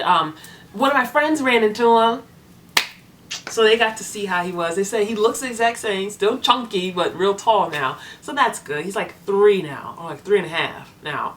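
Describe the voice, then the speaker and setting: A young woman talking casually to her viewers as a foster parent vlogger, chatty and animated, acting out the people in her stories. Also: medium pitch, slight background noise. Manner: chatty, animated storytelling with voiced quotes. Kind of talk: casual vlog chat to viewers.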